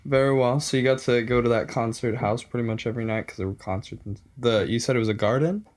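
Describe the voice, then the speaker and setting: Laid-back young Texan host, mid voice. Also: male voice, mid-range voice, fast, darkish tone. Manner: laid-back, joking, slangy. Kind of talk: casual interview chat.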